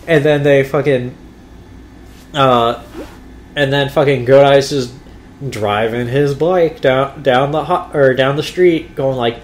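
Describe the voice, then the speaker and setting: A man's voice: mid-range voice, slow pace. A man co-hosting a podcast, recapping episodes in a rambling, profane way full of fillers. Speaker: podcast co-host.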